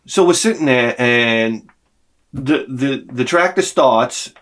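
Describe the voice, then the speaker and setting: A man telling a personal story in an animated way, swearing freely and acting out the people in it. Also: mid-range voice, slow pace. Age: adult with a young son. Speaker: video creator.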